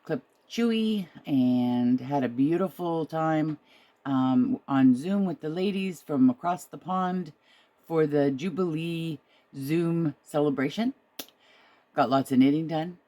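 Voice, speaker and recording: Deep, slow, and warm, the older woman's voice carries her knitting vlog, filmed on a handheld camera in a small trailer. Her chat wanders casually, with occasional fond words for her dog.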